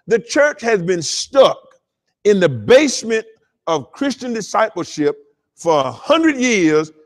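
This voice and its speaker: A man preaching a sermon as pastor, calling on the congregation to talk back and repeating words as he builds emphasis. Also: high-pitched. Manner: call-and-response preaching to a congregation; stammering repetitions while building emphasis.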